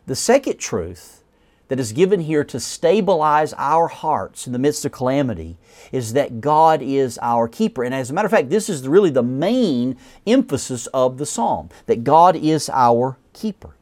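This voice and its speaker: Preacher man with a lively, swooping voice. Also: medium pitch. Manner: reads scripture aloud, slows and drops at phrase ends; self-corrects mid-sentence. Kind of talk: sermon.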